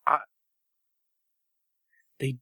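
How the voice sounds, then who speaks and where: A man in his thirties co-hosting a casual podcast chat, animated and jokey, laughing often. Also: drawn-out words, no room sound. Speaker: podcast co-host.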